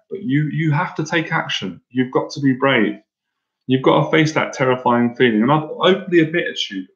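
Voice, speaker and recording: A man speaking earnestly and emotionally in a live-stream monologue, often stumbling and repeating himself as a coach. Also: mid-range voice. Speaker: dating and anxiety coach. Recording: roomy, dull lo-fi sound.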